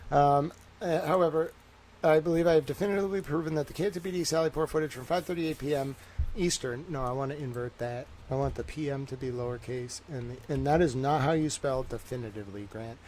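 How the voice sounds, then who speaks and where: A man's voice: on the high side, quick pace, darkish tone, slight background noise. Rambling streamer man thinking aloud. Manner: chatty and upbeat with viewers. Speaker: livestream host. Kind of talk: casual livestream chat.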